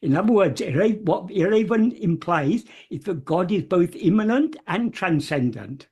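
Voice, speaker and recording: A speaker giving a careful, word-by-word explanation, pausing often with fillers and gently repeating key terms. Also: mid-range voice, lively intonation, breathy edge. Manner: hesitant, many pauses and fillers, gentle repetition of terms. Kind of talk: slow, careful explanatory talk.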